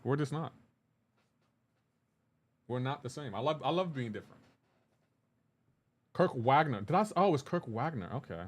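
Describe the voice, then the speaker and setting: A man's voice: mid-range voice, animated, moderate pace, long pauses. A man live streaming a game, talking loosely with his chat and greeting viewers by name. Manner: talks to chat viewers while playing, loose and chatty. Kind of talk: casual live-stream chat reading comments.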